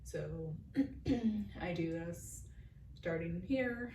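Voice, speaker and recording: A young woman talks through a guided meditation and morning chat in a soft, rambling manner, a little nervous. Her voice sits a touch low with a gravelly fry at the ends of phrases. Faint background hiss runs under the recording. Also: steady tone, unhurried, pauses often. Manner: soft-spoken, rambling, nervous, with frequent fillers and laughs. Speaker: vlogger leading meditation and oracle card chat.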